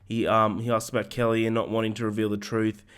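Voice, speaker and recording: A man co-hosting a film podcast, recapping the plot in casual chat with lots of ums and swearing asides, his voice hoarse. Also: on the low side, completely flat delivery, fast, fairly bright tone. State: hoarse, voice going.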